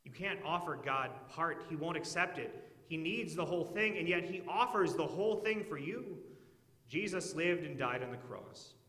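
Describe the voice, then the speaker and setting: A male pastor delivers a sermon in an earnest, measured way. His voice is bright and a touch high. The sound carries a long reverb through a roomy church hall. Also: lively intonation.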